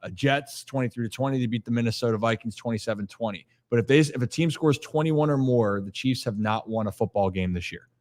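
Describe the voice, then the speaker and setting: A man's voice: mid-range voice, fast talker, few pauses, darkish tone. A man hosting a podcast, chatting casually about sports and reeling off stats. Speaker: podcast host.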